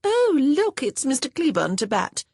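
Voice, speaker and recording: A woman voicing an eager, social-climbing young wife who calls out brightly. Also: high-pitched, very animated, measured pace, gravelly, dry recording, clean studio sound, pitched above the performer's own voice, heavily acted.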